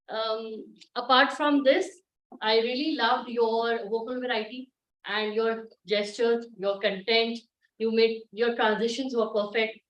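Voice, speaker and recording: A woman's voice: fairly high pitch, muffled recording. A middle-aged woman, giving an upbeat, encouraging speech evaluation on a video call. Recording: echoey distant laptop audio.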